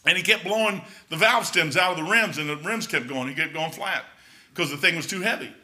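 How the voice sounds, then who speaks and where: A man's voice: a little high, a little fast, sharp tone. A middle-aged man with a folksy, blunt manner gives a casual, rambling talk with a preaching edge, full of restarts and asides. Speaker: Christian speaker.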